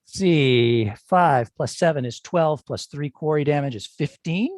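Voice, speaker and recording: A man's voice: fairly high pitch, unhurried, a little mellow, no echo, studio quality. A man playing a tabletop game, matter-of-fact as he counts up his dice rolls aloud. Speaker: player. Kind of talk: casual tabletop game play.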